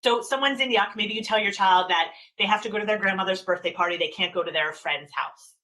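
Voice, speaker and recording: A woman's voice: mid-range voice, brisk, poor audio. A woman parenting expert presenting a webinar over a video call, talking animatedly and acting out what parents and children say. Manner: animated, acts out quoted parents and kids.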